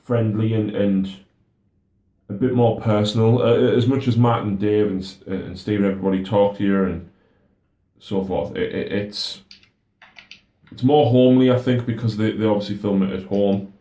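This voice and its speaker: A man's voice: fairly low pitch, fairly even intonation, normal speed, mellow, reverberant. A young man chatting casually as co-host, often stammering and restarting his sentences. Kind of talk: casual chat.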